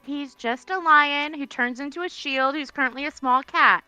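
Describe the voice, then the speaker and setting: A woman's voice: sits high, normal speed, bright, forceful tone, dry recording, soft background music. A woman in tabletop role-play banter, defensive and exasperated as she corrects the others. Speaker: player in a tabletop game.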